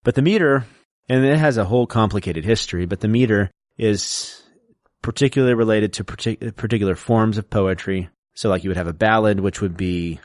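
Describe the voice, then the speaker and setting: Low-voiced man lecturing in casual chat. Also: fairly quick, darkish tone, no room sound, studio quality. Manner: lecturing, explains step by step. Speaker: podcast co-host and teacher.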